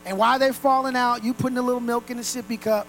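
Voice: mid-range voice, steady tone, quick pace, a bit bright, a little hiss or hum, low-quality recording. A pastor preaching a sermon to a congregation in a room, earnest and direct.

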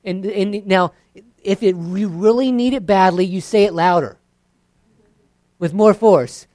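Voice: medium pitch, measured pace, mellow, no room sound. A preacher giving a sermon in a conversational, self-deprecating way.

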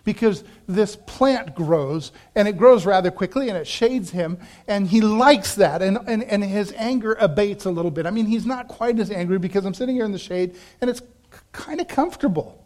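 A man preaching a sermon, telling a story with animated shifts and acting out quoted voices, laughing now and then. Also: high-pitched, moderate pace. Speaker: pastor.

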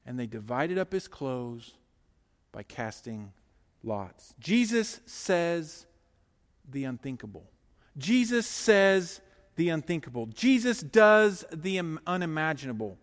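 A man preaching a sermon, swinging between hushed, slow lines and loud, urgent ones. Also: fairly high pitch, sing-song, long reverb tail.

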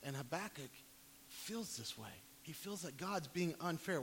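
A man preaching a sermon, reading scripture dramatically, rising to loud pleading and dropping to quiet, low emphasis. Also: animated, measured pace, creaky. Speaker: pastor. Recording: long hall reverb, faint hiss.

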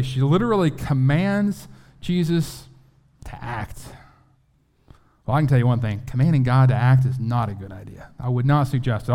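A man's voice: medium pitch, dark tone. Conversational male preacher. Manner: conversational, with acted-out quotes and frequent restarts. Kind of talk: sermon.

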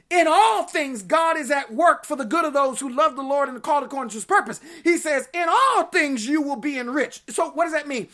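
A woman's voice: high voice, fairly bright tone. A woman preaching a sermon, emphatic and exclamatory, repeating scripture phrases for emphasis.

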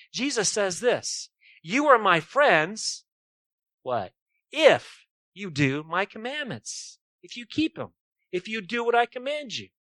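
A man's voice: high-pitched, sharp tone, no echo. A man preaching a sermon emphatically, often posing rhetorical questions to his listeners.

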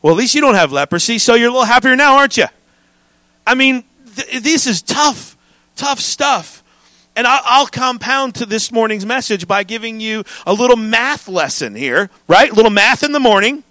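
Animated high-voiced pastor preaching. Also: male voice, moderate pace, dry recording. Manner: animated, jokes with the congregation. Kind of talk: sermon.

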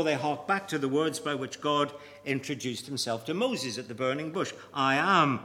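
A man preaching a sermon, deliberate and emphatic, with measured pauses. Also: medium pitch, a bit bright. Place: church. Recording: long reverb of a church hall.

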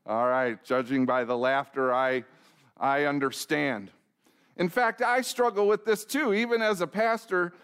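A man's voice: on the high side, fairly even intonation, unhurried, fairly bright tone, smooth. Storytelling middle-aged male pastor. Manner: self-deprecating storyteller, acts out dialogue; asks the congregation direct questions. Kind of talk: sermon with a humorous personal story.

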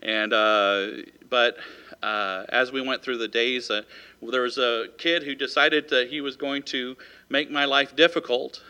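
A man pastor tells a story from the pulpit, folksy and loose, with lots of fillers. His voice is very bright and forward, sitting at an ordinary middle pitch for a man. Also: steady tone, unhurried, clear, resonant tone. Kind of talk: sermon with personal story.

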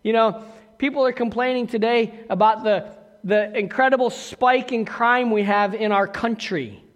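Man, pastor, conversational sermon, rhetorical questions, high-pitched, church reverb. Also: steady tone, normal speed, highs cut off.

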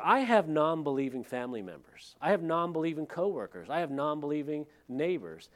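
A man's voice: fairly high pitch, darkish tone. A man, a pastor, preaching a sermon in a conversational way with joking asides.

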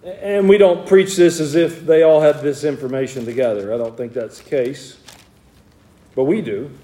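A man's voice: a little high, moderate pace, warm tone, roomy sound. A man preaching an evening sermon, reading scripture aloud and then explaining it in plain words. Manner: reads scripture in King James wording, then explains it plainly.

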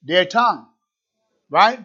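A man's voice: sits high, animated, slow pace, pushed and bright. A man preaching a fervent sermon, repeating himself and firing rhetorical questions at his listeners. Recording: dull lo-fi recording.

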